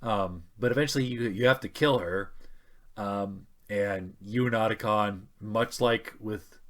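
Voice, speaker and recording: Low-pitched male voice, gaming podcast co-host, relaxed unscripted chat, lots of ums. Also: a little slow. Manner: hesitant, many ums and restarts.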